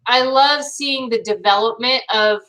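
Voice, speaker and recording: Bubbly young woman, live-stream chat from home, greeting viewers, sharp bright voice, slightly distant mic. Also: a little high, a little slow. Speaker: livestream host reacting to a show. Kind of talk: casual live chat reading viewer comments.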